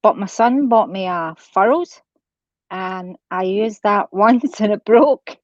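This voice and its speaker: Scottish woman, caller, soft-spoken, dull muffled sound, dry. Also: medium pitch, slow, dry recording. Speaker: livestream guest caller. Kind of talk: casual chat.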